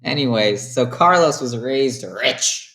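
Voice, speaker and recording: A woman casually retelling the plot of her own improvised series, rambling with deadpan asides. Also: very deep voice, slow pace, a little hiss or hum. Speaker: series creator recapping an episode.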